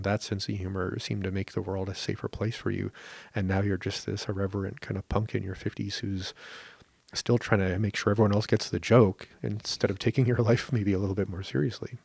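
A man hosting a podcast in casual conversation, reflective and quick to laugh. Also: on the low side, gravelly, a little mellow, no room sound. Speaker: podcast host.

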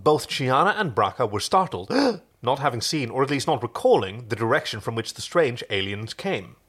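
A man's voice: mid-range voice, very animated, moderate pace, fairly bright tone, slightly rough. A man reading a novel aloud and joking around casually. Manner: playful, joking. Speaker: reader of a novel.

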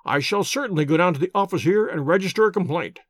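Brief: male reader doing a calm, wry, courteous detective, lively delivery. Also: sits high, no echo, studio quality. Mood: pressing. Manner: measured, courteous, gently ironic.

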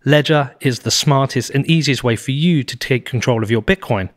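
A man's voice: mid-range voice, normal speed. A British man, host of a podcast, reading sponsor ads and then chatting casually with his guest, laughing often and restarting his sentences. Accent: British English. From Britain. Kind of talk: ad reads then casual chat.

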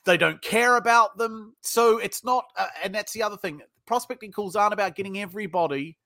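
A man's voice: sits high, fairly quick, creaky, bright, forceful tone, no room sound, studio quality. A man with a British accent, a sales trainer telling stories bluntly in a casual interview, swearing freely. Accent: British English.

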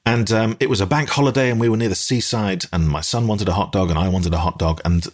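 A man's voice: on the low side, fast talker. A man with an English accent, telling a rambling, self-deprecating story as a guest in a casual conversation, hesitating often.

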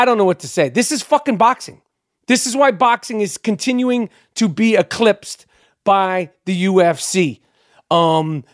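Worked-up man ranting profanely, high voice. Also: dry recording, clean studio sound. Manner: profane, worked up, repeats words. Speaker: podcast host. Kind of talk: heated, unedited podcast rant.

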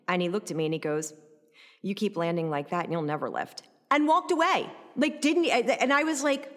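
A woman recounting a personal story in an animated, conversational way, often adding "like" and "right?". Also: medium pitch, big-room sound.

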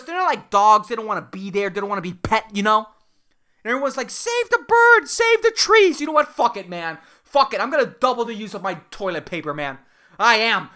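A man with a high voice that leaps all over as he delivers a crude, profanity-soaked solo podcast rant. His talk rambles, full of restarts and loose asides. He sounds worked up throughout. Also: sharp tone. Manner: crude, profane, angry ranting. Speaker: podcast host. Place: seated indoors at home.

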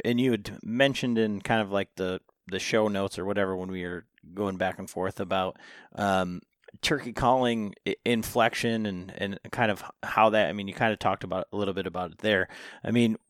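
A man's voice: on the low side, no echo, clean studio sound. A man co-hosting a podcast, asking rambling, hesitant questions and telling a casual story. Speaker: podcast co-host.

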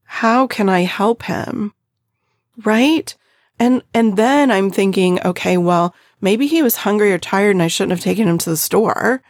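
Middle-aged woman, parenting host, gravelly voice, dry close sound, warm direct address. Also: mid-range voice, unhurried, dry recording. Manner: gentle, earnest, addresses listener directly with frequent "right?". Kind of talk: reflective parenting talk.

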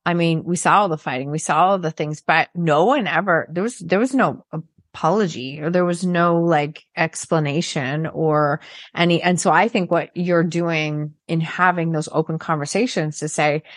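A woman's voice: deep voice, steady tone, normal speed, no room sound, studio quality. A woman hosting a podcast, reflecting on and affirming her guest's story in a conversational way. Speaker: podcast host. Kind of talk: conversational interview.

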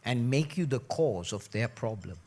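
A man preaching a sermon, joking and mimicking people, then dropping to a low, earnest tone. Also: expressive, normal speed, darkish tone. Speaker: pastor.

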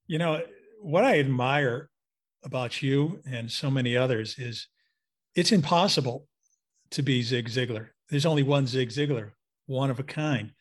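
A man's voice: medium pitch, unhurried. A man hosting an interview, speaking admiringly and reflectively before asking his question. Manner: admiring, reflective, effusive praise. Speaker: interview host. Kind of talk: casual conversational interview.

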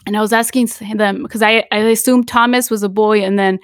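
A woman's voice: mid-range voice, fairly even intonation, fairly quick, no echo, clean studio sound. A woman co-hosting a casual podcast chat, a mother of twin girls who slips Spanish phrases into her English. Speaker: podcast co-host.

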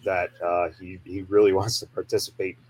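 A man interviewing a guest on a casual podcast, with halting questions full of fillers. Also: low voice, level tone, a little mellow, breathy edge, rough recording. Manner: halting, with many fillers and restarts.

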